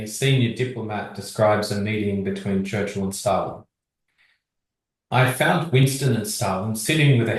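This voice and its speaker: A man teaching history revision, reading exam sources aloud at a steady pace and discussing them. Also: lowish voice, far from the mic. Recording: very echoey, from across the room.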